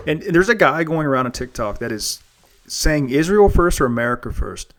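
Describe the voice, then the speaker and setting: A man's voice: on the high side, expressive, brisk. A man hosting a casual monologue show, rambling and earnest, often restarting and repeating words. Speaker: podcast host.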